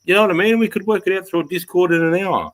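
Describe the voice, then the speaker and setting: A man's voice: high-pitched, steady tone, rapid-fire, fairly bright tone. An Australian man hosting a casual livestream chat, ranting with heavy swearing. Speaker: livestream host.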